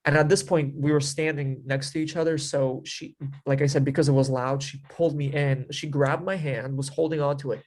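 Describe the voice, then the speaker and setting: A man of ordinary pitch tells a story in loose, easygoing chat. His talk wanders and fills up with little fillers. Now and then he slips into quoting what he said back then. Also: darkish tone. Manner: rambling, filler-heavy with frequent 'like' and 'you know'; acts out his own past remarks in quotes. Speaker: interview guest telling a story. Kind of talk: casual storytelling.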